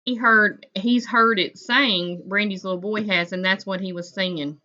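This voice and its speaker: Chatty woman, bright lo-fi voice. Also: mid-range voice, fairly even intonation, normal speed. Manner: chatty, folksy, greets viewers by name. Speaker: livestream host. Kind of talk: casual chat with live viewers.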